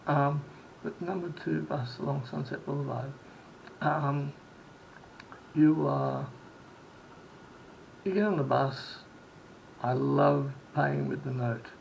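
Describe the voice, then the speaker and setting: A man rambles through a travel story, his voice slightly high and strongly gravelly with fry. He restarts sentences often and acts out conversations, with a faint low hiss behind him. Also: fairly even intonation, slow, long pauses, darkish tone, low-quality recording. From Australia. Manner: rambling, with many restarts and acted-out quotes. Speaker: vlogger. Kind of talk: casual storytelling monologue.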